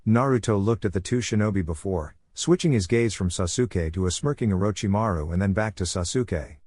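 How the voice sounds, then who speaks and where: Low-voiced man reading fan fiction. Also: fairly quick, a little mellow, no echo, clean studio sound. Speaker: narrator.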